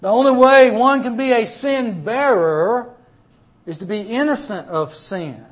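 A male preacher delivers a sermon in a fairly high voice. He speaks emphatically and swings between loud and soft. He repeats words and phrases for stress. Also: expressive, unhurried.

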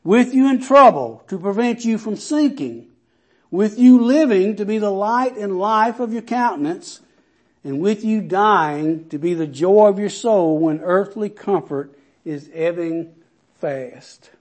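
A man's voice: high voice, measured pace, darkish tone. A man preaching a sermon, reading scripture aloud with rising and falling emphasis.

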